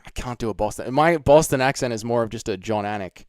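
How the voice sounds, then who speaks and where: A man's voice: mid-range voice, a little fast, dry recording. A young man hosting a casual live stream, chatting and reading out viewer comments with plenty of swearing. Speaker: livestream host.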